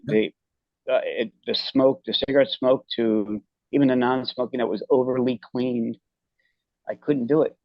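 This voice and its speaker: Halting, earnest man, dull dry audio. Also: mid-range voice, dry recording. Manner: halting, earnest, many restarts. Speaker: guest. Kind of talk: personal storytelling in an interview.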